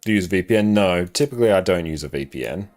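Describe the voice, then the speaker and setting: A man with a South Australian accent giving casual live commentary while playing a game and reading chat, with relaxed, dry joking asides. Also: sits low, very fast.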